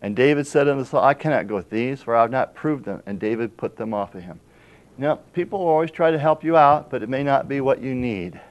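A man delivers a sermon as pastor in a voice of middle pitch. He reads scripture aloud and presses his congregation with emphatic rhetorical questions. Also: lively intonation, brisk, muffled recording.

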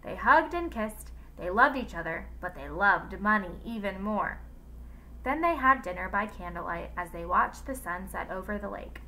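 A woman teacher reading a storybook aloud in a lively, expressive way. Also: mid-range voice, moderate pace, low-quality recording.

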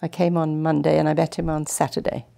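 Older woman from England, guest storyteller, gravelly low dark voice. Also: quick pace. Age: 70s. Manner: chatty, animated anecdotes. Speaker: guest, retired nurse. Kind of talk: casual storytelling interview. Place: community TV studio.

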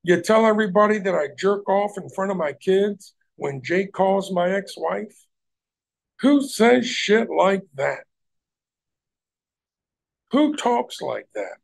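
A man's voice: high voice, creaky. A man hosting a livestream, ranting heatedly at people in his chat and swearing heavily. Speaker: livestream host.

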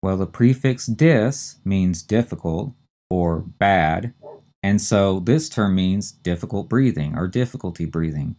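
In a recorded lecture on medical terminology, this male instructor goes slowly and deliberately, spelling each term letter by letter. His low, dark voice is animated.

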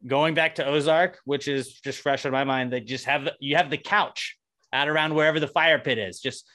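A man's voice: medium pitch, fairly even intonation, moderate pace, pushed and bright. A man co-hosting a podcast in casual chat, rambling loosely and often acting out the voices of the people he quotes. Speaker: podcast co-host.

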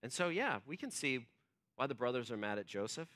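Bright-voiced man preaching conversationally. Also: medium pitch, animated, fairly quick. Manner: conversational storytelling, acts out quotes, frequent fillers. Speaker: pastor. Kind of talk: sermon. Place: church.

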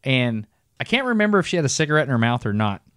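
Middle-aged male podcast co-host, a lively, laughing storyteller with a mid-range voice, recorded close and dry. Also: medium pitch, racing, clean tone, no room sound. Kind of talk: casual storytelling chat.

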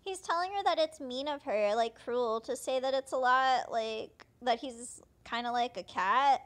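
A woman casually narrates and translates a game's dialogue, chatty and quick to quote. Her voice sits fairly high. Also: fairly bright tone. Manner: casual, chatty, quoting lines. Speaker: fan dubber and let's player. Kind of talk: casual game commentary and dubbing.

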